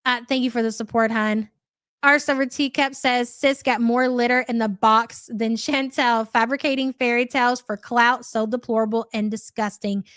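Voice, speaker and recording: A woman's voice: a little high, steady tone, moderate pace, a bit bright, smooth, no room sound. A woman hosting a live reaction stream, reading out chat messages in a blunt, profane, mocking way.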